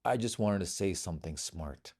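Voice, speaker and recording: A man's voice: low-pitched, expressive, moderate pace, darkish tone. A middle-aged man from Bahrain, a comedian guest telling stories in casual chat and acting out the voices of people he quotes.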